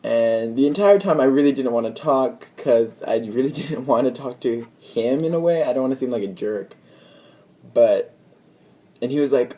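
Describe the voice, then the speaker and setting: A man's voice: mid-range voice, lively intonation, moderate pace, dark tone. A young man casually telling a story to the camera as a vlogger, rambling and chatty, filling his talk with "like" and acted-out bits of dialogue. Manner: rambling, chatty retelling full of "like" and quoted dialogue.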